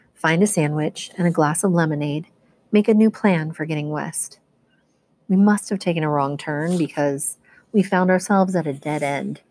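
A woman teacher reads a novel aloud in a lowish, even storytelling voice. She carries the first-person narration steadily from line to line. The sound is dry, close and free of room echo. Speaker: teacher reading to students.

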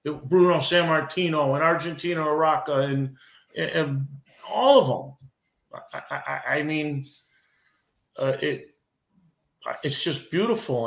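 Brief: emotional middle-aged veteran wrestler, a touch high, impassioned with stumbling restarts, echoey room. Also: male voice, moderate pace, creaky, fairly bright tone. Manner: impassioned, repeats and restarts words. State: emotional, getting heated. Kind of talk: podcast interview.

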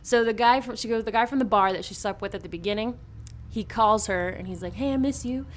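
Chatty woman retelling a comic. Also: medium pitch. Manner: animated, puts on quick character voices; chatty, lots of fillers and restarts. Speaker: podcast co-host recapping a comic. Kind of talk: casual chat.

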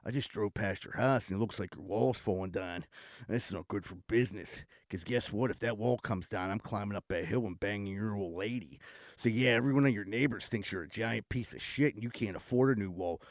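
A man with a Pittsburgh accent voicing a threatening, crude ad pitchman in a lowered voice. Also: fairly quick, dry recording, clean studio sound, natural voice. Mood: menacing. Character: menacing low-voiced male ad pitchman.

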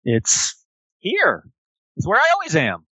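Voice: medium pitch, wildly swooping pitch, takes it slowly, pushed and bright, breathy edge, no room sound, voice pushed up, full character voice. A game master voicing a cheerful, childlike male stuffed elephant-bear toy with an eager, innocent manner.

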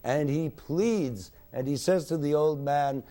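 A man giving a university music lecture in a hall, expressive and singing examples at the piano. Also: a little high, slow.

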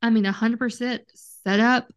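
A woman's voice: fairly high pitch, steady tone, moderate pace. A woman co-hosting a podcast in casual chat, easygoing and agreeable, laughing often. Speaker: podcast co-host.

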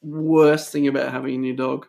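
A man's voice: medium pitch, flat delivery, moderate pace, vocal fry, darkish tone. A man hosting a church podcast, chatting casually, teasing his guest and laughing often. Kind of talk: casual chat.

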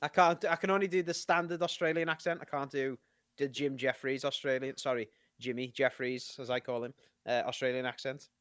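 A man's voice: mid-range voice, fairly even intonation, brisk, a bit bright, clear, resonant tone, no echo, studio quality. A man co-hosting a comedy podcast, joking and teasing the others in casual banter. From Britain. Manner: jokey, teasing, puts on silly accents. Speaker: co-host.

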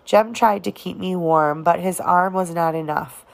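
Woman reading a book out loud, lowish voice, lots of vocal fry, slow and steady. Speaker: reader. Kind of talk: audiobook narration.

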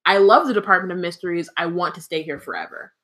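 Reading passages from a book on the podcast she co-hosts, a woman speaks quickly in a fairly low, sharp voice. Between readings she jokes around casually, swearing, laughing frequently, and filling gaps with plenty of "um"s.

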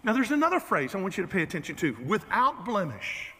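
A man's voice: sits high, quick pace, slightly rough, long reverb tail. A man preaching a sermon in a church, joking and poking fun at himself as he speaks to the congregation. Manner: animated, joking and self-mocking, talks to the room. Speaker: pastor. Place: church sanctuary.

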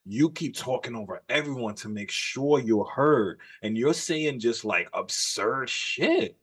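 Male podcast co-host, mid-pitch, profane emphatic storyteller, casual chat. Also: animated, a little slow, fairly bright tone, slightly rough.

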